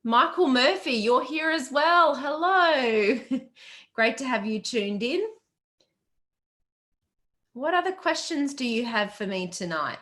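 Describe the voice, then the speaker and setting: An upbeat middle-aged Australian woman hosting a live question-and-answer stream, chatting freely and greeting viewers by name. She talks like a business coach, warm with encouragement and quick to laugh. The sound is that of a laptop mic on a video call. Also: high-pitched, animated. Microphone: webcam or laptop mic on a video call.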